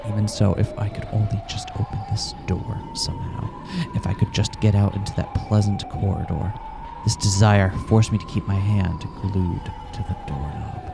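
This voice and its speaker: Give me a man playing a frightened young man locked in a room, tense, with a gravelly edge. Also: fairly low pitch, fairly even intonation, normal speed. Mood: uneasy. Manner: tense, growing panicked. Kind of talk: reading a visual novel aloud. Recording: music playing behind.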